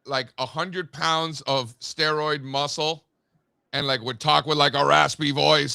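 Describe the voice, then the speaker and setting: A man's voice: fairly high pitch, slow pace, gravelly, sharp tone, no echo, clean studio sound. A man co-hosting a casual market show, loose and joking in manner. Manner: loose, joking, says "dude" and "like". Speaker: co-host.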